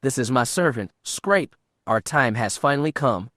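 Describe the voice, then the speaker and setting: A man voicing a scheming female Sith dark lord in an audiobook, purring and taunting. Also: mid-range voice, lively intonation, normal speed, no echo, clean studio sound, close to an everyday voice. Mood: commanding.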